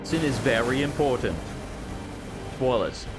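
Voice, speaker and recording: A man's voice: medium pitch, animated, a little slow. Young guy riffing over a game, snarky, swears, voice swings all over, game music behind. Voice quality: sarcastic, wisecracking, swears casually. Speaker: let's play host. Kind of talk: casual gameplay commentary.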